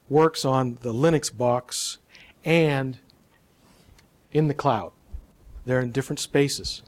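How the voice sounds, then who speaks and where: Male presenter, slightly high voice, demonstrative, quizzes the room. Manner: lively, demonstrative, quizzes the audience. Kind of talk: live talk on public speaking.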